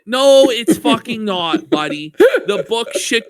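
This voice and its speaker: A man mocks a video clip on a stream, loud and excitable and full of swearing. His voice sits high and swings widely. The sound is bright and dry, with no room around it. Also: takes it slowly, hardly any pauses, dry recording. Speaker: stream co-host. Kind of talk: mocking commentary on a video clip.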